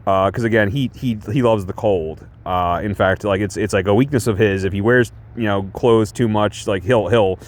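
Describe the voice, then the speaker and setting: A man's voice: lowish voice, moderate pace, few pauses. A man casually talking through a movie he reviews, rambling with lots of fillers and restarts and chuckling often. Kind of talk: casual film review chat.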